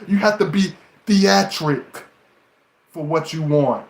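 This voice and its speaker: A man giving relationship advice in a casual, animated monologue to camera, mocking and laughing often. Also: a little high, slow, creaky, pauses often, roomy sound.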